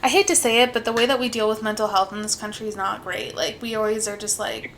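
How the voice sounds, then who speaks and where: A woman's voice: medium pitch, steady tone, quick pace, a bit bright, a little hiss or hum. A woman hosting a casual podcast interview, sympathetic and chatty, with many "like"s. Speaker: podcast host.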